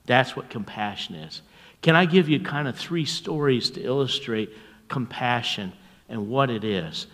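An older man preaching as a pastor, telling stories in a folksy, chuckling way and dropping to a hushed voice at tender moments. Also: mid-range voice, expressive, a little slow, in a large hall. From North America. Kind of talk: storytelling sermon.

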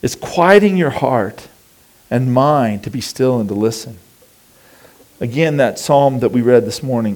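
A man's voice: mid-range voice, a little slow. A man preaching a sermon in a casual, conversational way, often acting out the anxious thoughts of his listeners. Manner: conversational and animated, acting out inner voices. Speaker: pastor.

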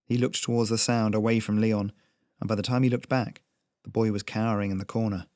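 A man reading a story aloud in a slow, measured narration. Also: fairly low pitch, little pitch movement, a little mellow, no echo, clean studio sound.

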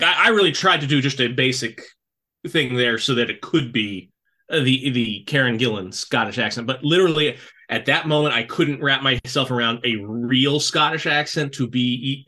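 Bright-voiced jokey podcast guy. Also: mid-range voice. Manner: jokey, rambling asides. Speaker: podcast co-host. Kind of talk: casual podcast chat.

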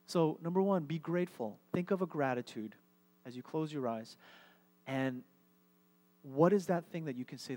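Conversational pastor giving a live sermon. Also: male voice, fairly high pitch, expressive, warm tone. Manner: conversational, with halting repeated words. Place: church service with congregation.

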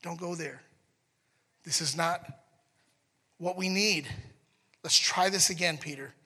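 A man voicing a soft, patient teacher. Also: on the high side, slow pace, husky, in a large hall, heavily acted. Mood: patient gentle. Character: calm patient male teacher reassuring a friend.

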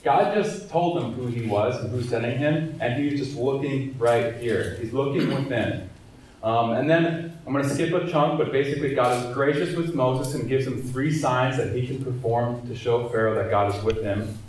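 A man's voice: medium pitch, normal speed, darkish tone, slight background noise. Echoey, distant man teaching. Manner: casual and earnest, with fillers and restarts. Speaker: evangelism trainer. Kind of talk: church training talk with scripture reading. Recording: very echoey room, mic far off.

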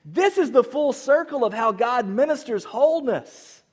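A male pastor preaching in a church, his fairly high voice rising and falling over a wide range. He moves from loud, emphatic calls to quiet, tender lines. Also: lively intonation, moderate pace, slightly rough. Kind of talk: sermon. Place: church sanctuary.

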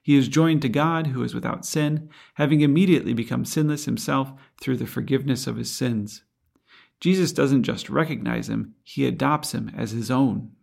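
Man with a gravelly voice preaching. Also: medium pitch, normal speed, darkish tone. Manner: earnest, reflective, asks rhetorical questions. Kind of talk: sermon.

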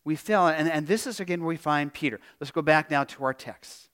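A man preaching a sermon as a pastor, earnest and personal, with pauses and restarts as he speaks. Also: a little high, fairly bright tone, clear, resonant tone.

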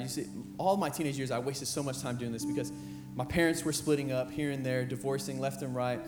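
A young man, a high school pastor, preaching an earnest sermon that repeats phrases and builds in intensity. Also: a little fast, hardly any pauses. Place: church sanctuary with band playing behind. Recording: roomy church hall with live music.

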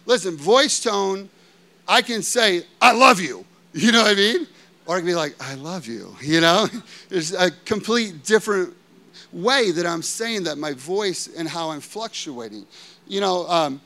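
A man in his thirties preaching a sermon in a lively, conversational way, often checking in with the congregation. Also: high voice. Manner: animated and conversational, keeps asking the congregation "okay?". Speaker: pastor.

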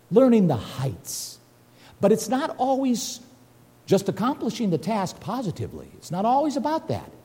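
A man's voice: on the high side, mellow, big-room sound. An older man preaching a sermon at a lectern, telling folksy stories and reading scripture aloud. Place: church hall at a lectern.

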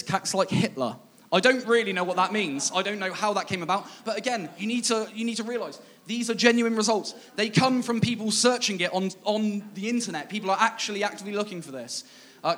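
A man giving a casual, humorous sermon, laughing and growing excited as he jokes with the congregation. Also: sits high. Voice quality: playful, laughing, rising excitement when amused. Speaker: preacher.

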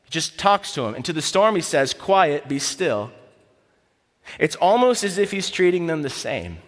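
A man preaching a sermon as pastor, telling the story vividly with repeated phrases and dropping to a hushed voice at key moments. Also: a little high, big pitch swings, fairly quick, long reverb tail.

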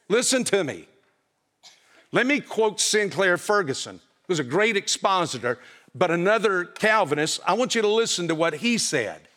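A high-voiced male pastor delivers a sermon from the pulpit. He preaches emphatically, firing rhetorical questions at his congregation and answering them himself. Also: a bit bright. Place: church.

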